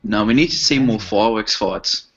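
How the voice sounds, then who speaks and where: A man's voice: fairly low pitch, normal speed, fairly bright tone. A man with an Australian accent throwing in dry, brief quips during a casual video hangout. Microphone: video call. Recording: lo-fi video call audio.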